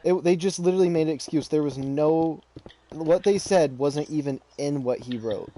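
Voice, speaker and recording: A man's voice: a little high, moderate pace, warm tone. A man chatting casually with a friend, rambling and restarting his sentences often. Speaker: channel host. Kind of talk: casual chat while gaming.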